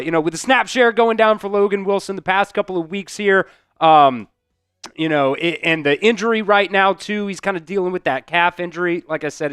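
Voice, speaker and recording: A male sports host with a slightly higher voice and a smooth, resonant tone, talking in a loose, rambling way full of fillers. He reads viewer comments aloud and responds to them. The sound is dry and close, with no room echo. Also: fairly bright tone. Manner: casual, rambling, heavy on fillers; reads out and answers viewer chat. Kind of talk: live sports talk stream.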